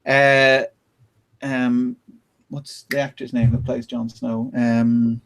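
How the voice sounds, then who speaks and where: A man hosting a podcast, chatting casually and retelling things with animated laughter. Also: medium pitch, slow pace. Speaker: podcast host. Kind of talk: casual chat.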